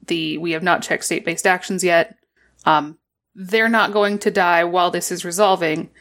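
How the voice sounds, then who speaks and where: A woman's voice: fairly low pitch, fairly even intonation, fairly bright tone. A woman co-hosting a casual podcast, explaining game rules precisely with many fillers. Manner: precise, measured, filler-heavy. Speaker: podcast co-host.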